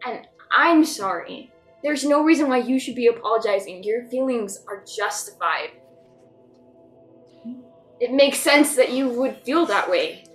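A woman's voice: a little high, expressive, unhurried, fairly bright tone, echoey room, faint music behind. A woman voicing an awkward, proud young man who stumbles through an earnest apology. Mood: remorseful.

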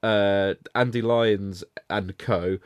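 A low-pitched man talking through a film as a podcast co-host. His talk is thoughtful and wry, circling back on itself as he works out his point. The sound is dry and close, with no room around it. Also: steady tone, slow, clean tone, no room sound. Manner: thoughtful, self-correcting, wry. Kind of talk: casual film discussion.

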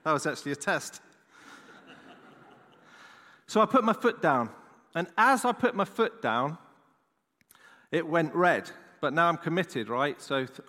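Candid storytelling preacher in an echoey hall. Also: male voice, medium pitch, bright, forceful tone. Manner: storytelling, candid, chatty asides to the audience. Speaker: pastor. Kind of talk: sermon.

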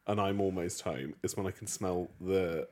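A man's voice: sits low, a little mellow. A man with a southern English accent, co-hosting a podcast in casual, jokey chat and swearing freely. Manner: playful, jokey, quick to swear. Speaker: podcast co-host.

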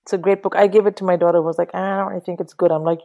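A middle-aged woman talking casually about books in an interview, animated and swearing freely. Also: fairly low pitch, racing, vocal fry, rough recording. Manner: animated, swears, mimics people in quotes. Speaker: guest.

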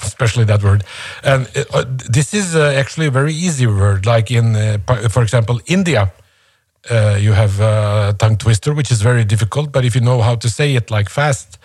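A man's voice: mid-range voice, brisk, darkish tone, slightly rough, no echo, clean studio sound. A man co-hosting a playful comedic podcast, teasing his partner and hesitating with lots of fillers. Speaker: podcast co-host.

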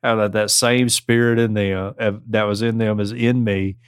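Southern man, podcast co-host, low and dry, joking and folksy. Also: flat delivery, moderate pace, clean tone, no echo. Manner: joking, folksy advice-giving. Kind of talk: casual chat.

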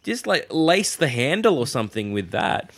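Rambling man, animated. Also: medium pitch, moderate pace, creaky. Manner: rambling, laughing, swearing. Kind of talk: casual banter.

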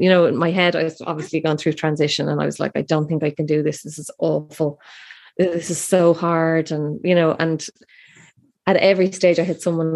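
A woman's voice: lowish voice, a little mellow. A woman in her thirties casually telling her birth story, chatty and emotional, with many fillers and restarts.

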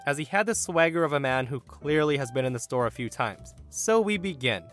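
A man hosting a podcast, narrating a story in an animated, indignant way and acting out the people in it. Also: fairly high pitch, normal speed, few pauses, faint music behind. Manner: animated, indignant retelling with quoted voices. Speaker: podcast host.

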